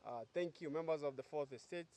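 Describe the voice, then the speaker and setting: A man with a Kenyan accent makes an emphatic political statement to the press, pausing and repeating himself as he pushes his point. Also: on the high side, crowd noise. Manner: emphatic, with filler pauses and repetitions. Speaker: youth speaker at a press briefing.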